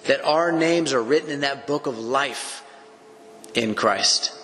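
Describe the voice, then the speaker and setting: A man preaching a sermon as pastor teaches in an earnest, conversational way, often restarting his sentences. His voice is medium in pitch, slow, and a bit bright, over soft background music. The recording has long echoing reverb and faint room noise.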